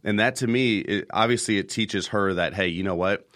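A man's voice: on the low side, normal speed, fairly bright tone, dry recording, clean studio sound. A man in his thirties hosting a casual podcast, telling rambling stories and repeating words as he goes. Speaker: podcast host.

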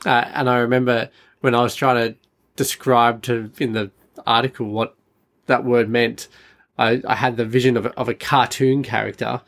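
A man's voice: medium pitch, little pitch movement, moderate pace, fairly bright tone. Man co-host chiming in casually. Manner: brief, agreeable interjections.

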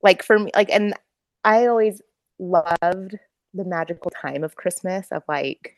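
A woman with a low, gravelly voice chats casually as a podcast co-host, full of fillers. The sound is close and dry, with no room echo. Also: a little slow. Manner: chatty, lots of fillers, laughs often. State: out of breath. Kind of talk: casual chat. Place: at home, away from a room with the kids.

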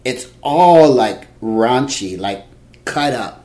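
A man in his fifties telling a dating story in casual chat, animated and laughing, acting out quotes. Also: mid-range voice, slow pace. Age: 50s. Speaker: podcast co-host.

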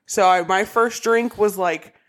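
A young woman in her twenties talking casually on a podcast at a middle pitch. She rambles and corrects herself, loose and unhurried. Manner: relaxed, rambling, self-correcting. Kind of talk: casual chat.

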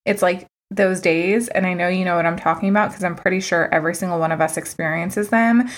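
A woman with a slightly low voice hosts her podcast as a life coach. She talks in a loose, candid, chatty way, peppered with "like" and the odd curse word. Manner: candid, chatty, swears freely, many "like" fillers. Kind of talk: casual solo podcast talk.

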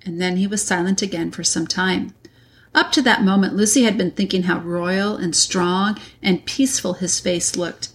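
A woman reading a classic children's novel aloud in a measured, deliberate way. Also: fairly low pitch. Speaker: reader. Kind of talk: audiobook narration.

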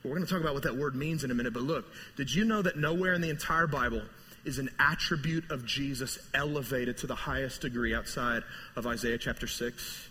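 A male pastor preaching a sermon, telling the story vividly and swinging between soaring lines and hushed ones. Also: medium pitch, brisk, husky. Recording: long hall reverb.

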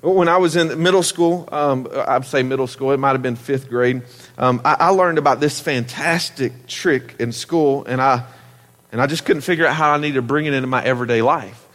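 A man's voice: mid-range voice, normal speed, a bit bright. A man preaching a folksy, joking sermon to his church. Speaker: pastor. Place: large church sanctuary. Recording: echoey church hall.

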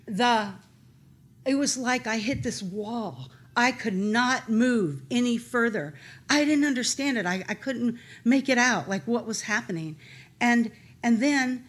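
A middle-aged woman telling a personal story in an earnest, halting, animated way. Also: on the high side.

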